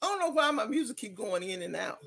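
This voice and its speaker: A woman's voice: a little high, big pitch swings, fast, vocal fry. Rowdy laughing woman livestreamer. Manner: loud, laughing, rowdy party banter. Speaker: livestream host. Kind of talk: casual livestream chat reading comments.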